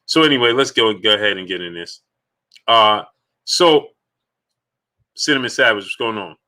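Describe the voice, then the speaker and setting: A man's voice: lowish voice, expressive, moderate pace, bright, forceful tone. A man hosting a live sports stream in a casual, emphatic way, repeating his points and greeting viewers in the chat one by one.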